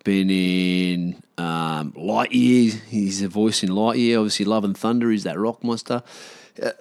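A man's voice: fairly low pitch, a little mellow, no echo, clean studio sound. A man talking loosely to camera in a casual vlog, rambling with slang and restarts. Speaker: vlogger.

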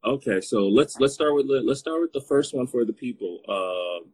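A man's voice: medium pitch, lively intonation, normal speed, darkish tone, slightly rough, no room sound, poor audio. A man hosting a live stream in casual chat, playful and teasing, rambling with fillers.

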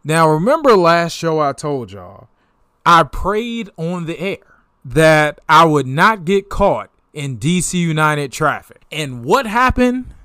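Slow-talking trash-talking sports host, man. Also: fairly high pitch, smooth, no echo, studio quality. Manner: trash-talking, animated, laughs at rivals. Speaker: sports talk show host. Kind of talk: casual sports talk.

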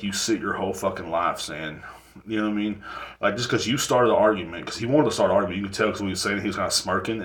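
A man's voice: low-pitched, a bit bright, roomy sound. A man hosting a podcast, telling a story in a rambling, profane, joking way and acting out both sides of an argument. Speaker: podcast host. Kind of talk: casual storytelling monologue.

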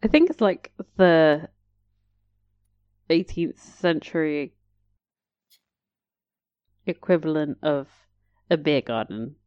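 A woman casually reacting to a period drama she is watching, wry and chatty and quick to laugh. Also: deep voice, lively intonation, clear, resonant tone, no room sound, lo-fi sound.

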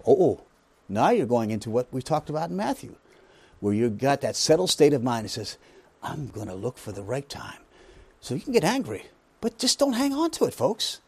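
A man's voice: on the high side, sing-song, fairly quick, breathy edge. A man preaching a Bible lesson, emphatic, asking rhetorical questions and making joking asides. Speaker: pastor teaching a Bible study. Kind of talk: sermon.

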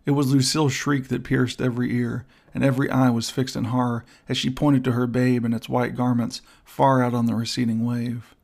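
A man narrating an old-fashioned adventure story in a measured reading style. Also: medium pitch, completely flat delivery, gravelly, darkish tone. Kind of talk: audiobook narration.

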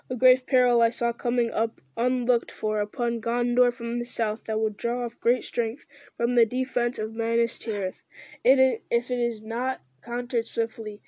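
A woman voicing a noble, weary male ranger-king in a solemn, measured reading with small slips. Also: fairly high pitch, mellow, no room sound, close to an everyday voice.

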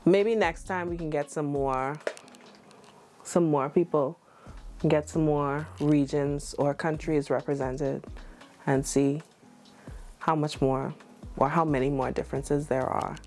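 Deep-voiced woman host, chatty and teasing, faint music bed. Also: steady tone, slow pace, long pauses, a little mellow. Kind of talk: casual chat, word-reading comparison.

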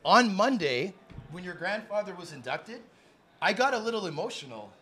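Man, podcast host, bright voice, high pitch, lively swooping delivery, announcer-style hype. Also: moderate pace, faint music behind. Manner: excitable, announcer-like. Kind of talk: live podcast taping, hype introductions. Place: sports bar studio.

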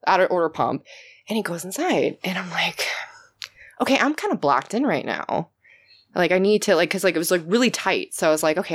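A woman in her thirties, a podcast guest, telling stories in casual chat and swinging into loud, shouted retellings. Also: on the low side.

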